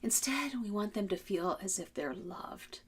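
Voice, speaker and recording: A woman giving an instructional talk as a communication trainer, lively and melodic, demonstrating voices as she goes. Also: medium pitch, unhurried, slightly rough.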